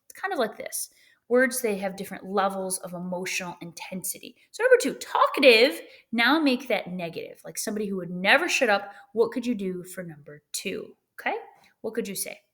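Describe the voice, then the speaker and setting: A middle-aged woman teacher giving a recorded lesson in a lively way, often checking in with "right?" and "okay?". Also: mid-range voice, brisk.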